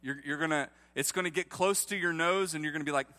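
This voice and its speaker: A man's voice: fairly high pitch, fast talker, few pauses, bright, forceful tone. A man, preaching a sermon in a livestreamed church and joking with the congregation. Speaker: pastor.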